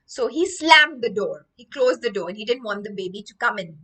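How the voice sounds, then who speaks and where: Woman from India, english teacher, explains and repeats words, bright sharp tone, a bit far from the mic. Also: fairly high pitch, expressive, normal speed. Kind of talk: online vocabulary lesson with storytelling.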